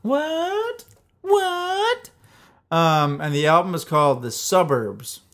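A young man co-hosting a podcast, chatting in an easygoing, agreeable way and often pausing on fillers. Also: a little high, a bit bright. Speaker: podcast co-host. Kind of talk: casual chat.

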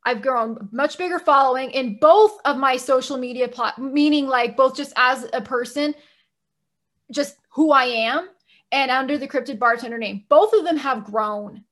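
A high-voiced woman co-hosting a casual podcast. She is blunt and emphatic, drops frequent swear words, and pushes her points hard. Her tone is bright and forceful. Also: normal speed. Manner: blunt, profane, emphatic ranting. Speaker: podcast co-host.

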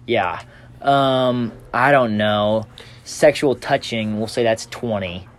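A man's voice: on the low side, slow pace, crowd noise. A young man hosting a podcast in casual chat, rambling with fillers and restarts. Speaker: podcast host. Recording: faint background hiss.

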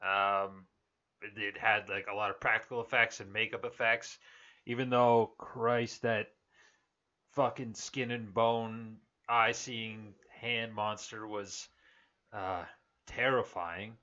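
A man's voice: on the low side, level tone, slow, pushed and bright, dull audio. A man in a casual movie chat who stops and restarts his sentences with many ums. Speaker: podcast co-host.

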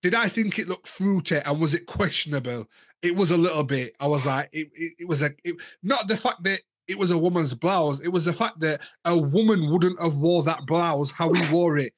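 A man's voice: fairly high pitch, normal speed, no room sound, studio quality. A man in his thirties or forties, a guest in casual candid chat, talking frankly and rambling, often repeating words as he thinks.

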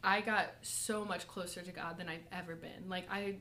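A young woman in a church college group, giving a personal testimony and short lesson, talking softly and haltingly with many fillers and nervous laughs. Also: on the low side, fairly even intonation. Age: young adult.

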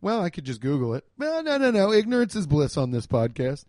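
A man with a slightly higher voice rambles through a comic podcast monologue, excitable and profane, full of restarts. The sound is dry and close. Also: a little fast, few pauses, no echo. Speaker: comedian podcast host. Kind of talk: casual comedic monologue.

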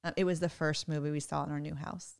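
A woman in her thirties, a mother chatting casually on a podcast, animated and often laughing. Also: low voice, fast, gravelly, smooth. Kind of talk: casual chat.

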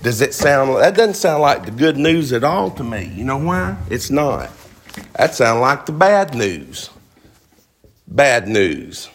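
A man's voice: medium pitch, sing-song, slow pace. A man preaching a sermon, emphatic, firing rhetorical questions at the congregation.

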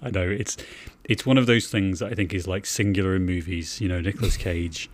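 A man's voice: low-pitched, fairly even intonation, fairly quick. A man co-hosting a casual movie podcast, joking and teasing his co-host and laughing often. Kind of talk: casual chat.

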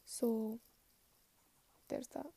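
A teenage girl rambles in a put-on Scottish accent with a dark, gravelly, fairly high voice that stays flat in tone. She talks down her own show and slips into hushed murmurs. The sound is close and dry. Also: extremely slow, dry recording. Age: late teens. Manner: rambling and self-deprecating, trailing into soft murmurs. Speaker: podcast host. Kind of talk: casual solo rambling.

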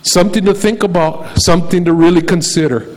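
A man preaches a sermon in a somewhat high voice. He fires off rhetorical questions and then slows down to repeat short key phrases. His pace swings between quick runs and drawn-out emphasis. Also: steady tone, a little hiss or hum, low-quality recording.

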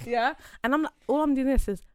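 A young woman, co-hosting a casual podcast chat and telling a story with loud excited outbursts. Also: high voice, a little fast, clear, resonant tone, dry recording, studio quality. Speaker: podcast co-host.

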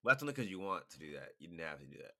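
A man's voice: low-pitched, big pitch swings, racing, sharp tone. A tipsy young man chatting casually with laid-back slang, teasing and apologetic by turns. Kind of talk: casual chat.

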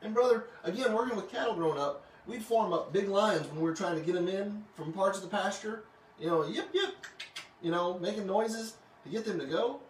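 A man hosting a casual Bible study, reading scripture aloud and joking about it in an animated way. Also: sits high, a little fast, slight background noise. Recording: roomy, distant mic with faint ambience.

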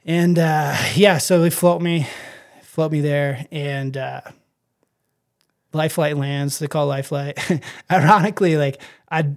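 A man's voice: a little high, fairly even intonation, takes it slowly. A man telling his own story in a casual interview, rambling with many fillers and acting out his own thoughts. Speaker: guest.

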